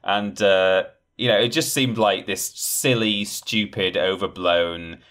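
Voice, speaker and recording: A man co-hosting a casual podcast, retelling things in a rambling, animated way and acting out quotes. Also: fairly low pitch, slow pace. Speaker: podcast co-host. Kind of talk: casual chat.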